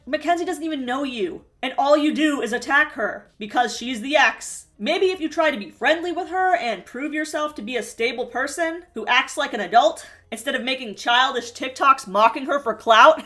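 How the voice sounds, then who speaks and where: A woman with a fairly high voice hosts a reality TV recap in casual commentary. She is blunt and sarcastic, and she swears freely. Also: a bit bright.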